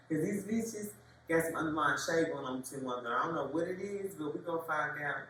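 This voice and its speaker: A man's voice: a little high, normal speed, background noise. A man in a confessional interview for a reality show, speaking in a sassy, flamboyant, brash way. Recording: echoey room with the mic at a distance.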